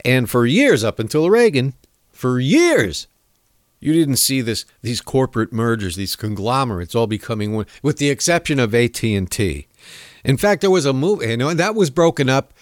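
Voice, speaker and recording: Rambling, lively-voiced male political host. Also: mid-range voice, no room sound, studio quality. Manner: rambling, sarcastic, with chuckles. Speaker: podcast host. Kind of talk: opinionated political commentary.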